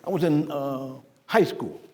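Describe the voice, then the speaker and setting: A man playing a dignified civil rights preacher, telling his life story in a first-person stage monologue, with measured oratory that swells emphatically and drops to a hush. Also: on the high side, big-room sound, natural voice. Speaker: living-history performer. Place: stage performance.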